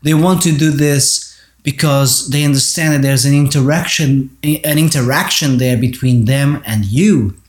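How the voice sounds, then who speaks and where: A man giving an earnest monologue on parenting, speaking directly to parents. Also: mid-range voice. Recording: roomy echo.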